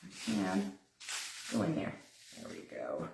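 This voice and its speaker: With an extremely low, gravelly voice whose pitch swoops wildly, a woman speaks slowly as she leads a live crafting session from her kitchen. She's chatty and giggly with viewers, musing aloud while her hands stay busy. Background noise is present, and the distant mic picks up the kitchen's echo.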